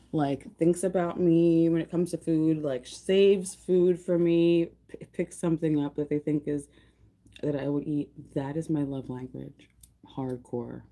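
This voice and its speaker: A young woman with a low-sitting, dark voice hosts a casual livestream. She chats and gushes to her viewers, using lots of fillers.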